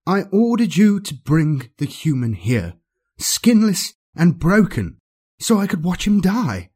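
A man voicing a cruel, imperious male alien overlord in an audiobook, cold and commanding, with drawn-out words. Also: sits high, big pitch swings, a little mellow, breathy edge, pitched above the performer's own voice, heavily acted. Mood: menacing. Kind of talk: audiobook character voice.

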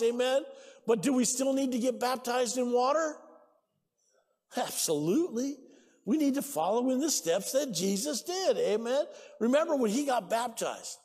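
A man preaching a sermon as pastor, excitable, breaking into shouts and laughter. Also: very high voice, moderate pace, long reverb tail. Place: church sanctuary.

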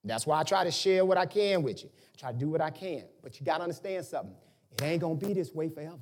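A man preaching a sermon in a loose, colloquial way, now and then breaking into shouts. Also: on the high side, quick pace. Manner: animated, colloquial, bursts into shouts.

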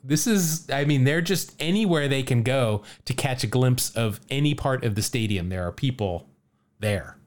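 A man hosting a podcast, telling a story in casual chat, animated and laughing often as he reads out quotes. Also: medium pitch, moderate pace. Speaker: podcast host.

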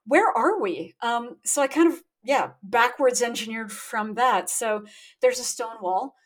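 Lady author chatting on a remote call, kinda high voice, laughs at herself a lot. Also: measured pace. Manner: thoughtful, self-deprecating, laughs often. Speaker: guest author. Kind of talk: casual interview talk.

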